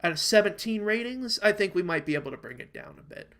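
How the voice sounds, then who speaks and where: This podcast co-host, a young American man, talks fast and animatedly in a high, slightly bright voice through an online call microphone. His casual chat turns into a rambling, profane, heated rant about bad food.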